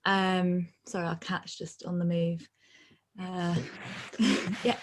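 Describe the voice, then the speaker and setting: A woman with a fairly low voice speaks over a video call. She is easygoing and a little hesitant, filling pauses with ums and soft agreeing murmurs. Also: flat delivery. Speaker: band member, guest. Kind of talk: casual interview chat.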